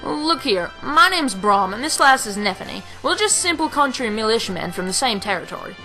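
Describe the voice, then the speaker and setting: A woman's voice: a little high, very animated, fairly quick, pushed and bright, faint music behind, exaggerated voice, low-quality recording. A woman voicing a plain-spoken rustic male militiaman with a folksy drawl. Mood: earnest.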